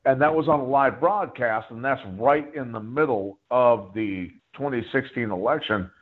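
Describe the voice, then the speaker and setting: A man guest telling a rambling story in a profane, animated way during a casual chat. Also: mid-range voice, moderate pace. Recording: phone-like line.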